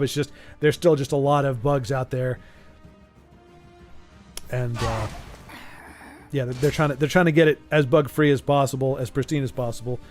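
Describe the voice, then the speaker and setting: A man hosting a card game stream, chatting casually with rambling, self-deprecating jokes. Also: medium pitch. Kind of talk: casual chat while gaming.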